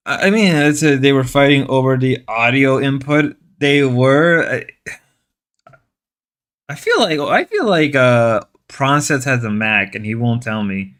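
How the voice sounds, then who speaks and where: A man's voice: mid-range voice, expressive, measured pace, a bit bright. A man streaming live, chatting casually with viewers in a sarcastic, rambling way, repeating and restarting his phrases. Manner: sarcastic, mock-macho joking. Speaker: live streamer reading chat.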